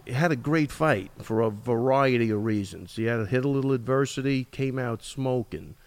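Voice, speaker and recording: A man's voice: mid-range voice, normal speed. A man, a fight coach, telling a story in casual podcast chat, with a loose, profane manner. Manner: storytelling, animated impressions, swearing.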